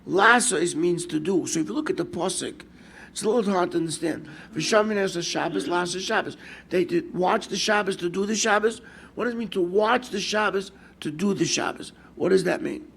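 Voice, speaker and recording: Brief: older New rabbi, gravelly and a bit high, storytelling sermon, faint hiss behind. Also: male voice, fairly quick. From United States. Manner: storytelling with lively quoted asides, mixing Hebrew and Yiddish terms. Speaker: rabbi giving a Torah class.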